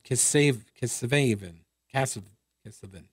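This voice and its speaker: A radio talk show host gives a sarcastic solo monologue sprinkled with mocking asides. His slightly bright voice swings widely in pitch at a measured pace. The clean studio recording has no room sound.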